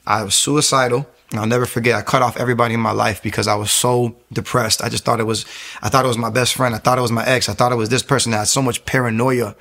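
A young man from the United States telling his personal testimony in an earnest, halting way, often restarting his sentences. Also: medium pitch, steady tone, gravelly, fairly bright tone.

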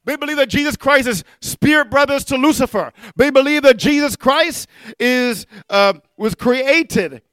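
A man preaching a fiery sermon, stopping often to ask "amen?" and shouting his key words. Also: very high-pitched, a little slow, clean tone, no echo.

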